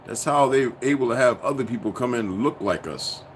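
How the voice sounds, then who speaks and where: A man hosting a casual livestream, rambling and profane, dropping from low muttering to loud outbursts. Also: expressive, a little fast, slight background noise. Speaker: livestream host.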